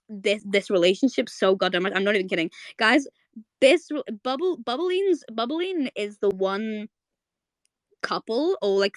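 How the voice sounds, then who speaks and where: A woman's voice: on the high side, fairly bright tone, dry recording, studio quality. A young woman hosting a casual live audio chat, gushing and emotional, swearing freely as she rambles.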